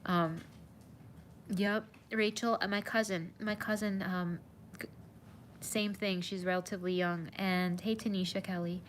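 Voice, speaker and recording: A woman's voice: mid-range voice, fairly even intonation, a little slow, slight background noise. A woman nutrition coach talking earnestly to viewers in a live stream, often saying "you guys".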